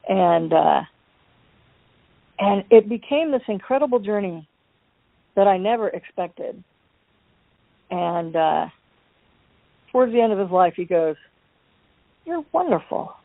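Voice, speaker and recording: A woman guest in an interview, telling her personal story in an animated, wry way and acting out the voices of people in it. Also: mid-range voice, unhurried, vocal fry, pauses often, no room sound. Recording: dry, tinny phone-line sound.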